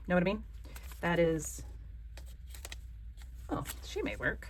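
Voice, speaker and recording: A woman's voice: on the low side, normal speed, long pauses, a bit bright, slight background noise. A woman with a Southern American accent hosts a casual craft tutorial, chatty, joking and encouraging. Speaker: craft channel host.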